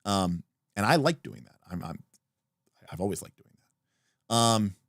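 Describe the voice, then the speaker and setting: Animated man explaining on a dry mic. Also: fairly low pitch, a little slow, dry recording. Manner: animated, emphatic explaining with profanity. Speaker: podcast host. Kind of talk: livestream talk about tabletop games.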